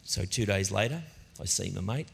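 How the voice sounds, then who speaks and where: A middle-aged man preaching a sermon as a pastor, telling stories in an animated, conversational way. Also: lowish voice, moderate pace, creaky, husky. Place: church auditorium. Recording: long reverb of a church hall.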